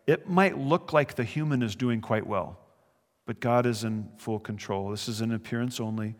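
A man's voice: medium pitch, moderate pace, long reverb tail. A man preaching a verse-by-verse sermon as a pastor, conversational and earnest, with brief chuckles. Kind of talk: sermon, verse-by-verse Bible teaching.

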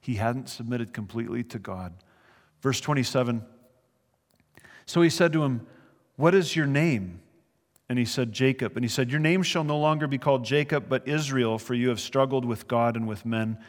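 A man's voice: medium pitch, normal speed, in a large hall. A man preaching a verse-by-verse sermon as a pastor, conversational and earnest, with brief chuckles. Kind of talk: sermon, verse-by-verse Bible teaching.

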